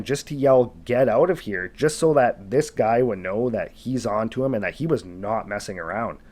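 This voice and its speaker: Brief: male host, casual suspense storyteller, mid-pitched everyday voice. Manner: suspenseful, conversational retelling with casual fillers. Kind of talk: narrated retelling of an encounter story.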